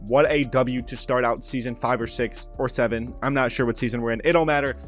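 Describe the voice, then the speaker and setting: A young man commenting on his own video game play, bursting into loud calls on made shots. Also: medium pitch, fairly even intonation, brisk, faint music behind. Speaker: gaming commentator.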